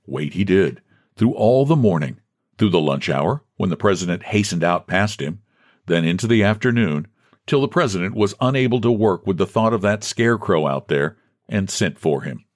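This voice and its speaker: A man narrates a classic thriller in a measured storytelling way. His pitch moves expressively through the lines. The recording is dry and close. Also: expressive, no echo. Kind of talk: scripted narration.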